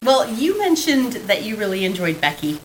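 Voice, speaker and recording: A woman's voice: mid-range voice, very animated, normal speed, a little hiss or hum, low-quality recording. A woman co-hosting a podcast, chatting casually about an old film, laughing often and restarting her sentences. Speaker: podcast co-host.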